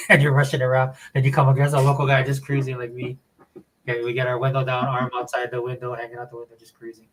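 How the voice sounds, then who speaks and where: A man from Hawaii with a Hawaiian accent, chatting casually as a podcast co-host in a relaxed, rambling way. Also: mid-range voice, quick pace, low-quality recording. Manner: laid-back, rambling explanations. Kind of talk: casual chat.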